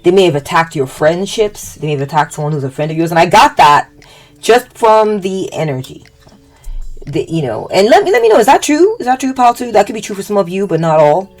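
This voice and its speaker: This tarot reader's voice sits low with a darkish tone. Her casual reading wanders and stalls, full of fillers and false starts, and she frequently voices imagined quotes from the people involved.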